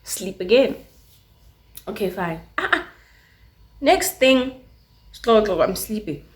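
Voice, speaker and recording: A woman's voice: mid-range voice, slow pace. A South African woman vlogger telling a story casually, full of filler words, switching languages mid-sentence and acting out sounds. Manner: animated storytelling with sound effects. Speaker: YouTuber.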